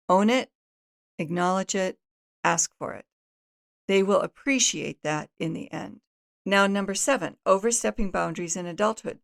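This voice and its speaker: A woman's voice: medium pitch, normal speed, gravelly. A middle-aged woman hosting an advice talk, giving earnest, instructive guidance in numbered steps. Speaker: host and family counselor.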